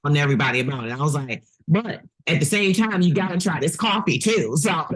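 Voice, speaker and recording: A woman hosting a casual interview, effusive and chatty with quick backchannels. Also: low voice, lively intonation, rough recording. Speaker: podcast host, interviewer.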